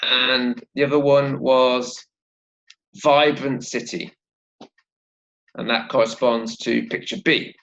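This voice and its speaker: A man's voice: mid-range voice, gravelly, a bit bright, muffled recording, slight background noise. A man teaching English vocabulary and pronunciation, patiently repeating words for learners to copy. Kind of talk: slow, clear teaching with pronunciation drills.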